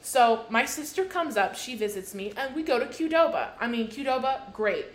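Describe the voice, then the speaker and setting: A woman's voice: a little high, lively intonation, moderate pace. A young woman from the Midwest co-hosting a casual podcast, telling stories in a brash, profane way. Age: young adult. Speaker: podcast co-host. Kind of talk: casual chat. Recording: echoey room.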